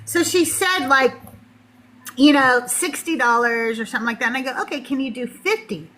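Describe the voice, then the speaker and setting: A woman's voice: sits high, lively intonation, moderate pace, a bit bright, a little hiss or hum, rough recording. A middle-aged woman hosting a show, casually telling a story, laughing often and acting out the voices of people she quotes. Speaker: host.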